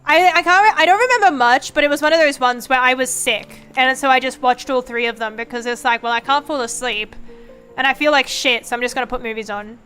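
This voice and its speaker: With soft music in the background, a young vtuber speaks in a smooth, high-pitched voice at a fairly quick clip. Her chatter is loose and profane, full of rambling, lively stories.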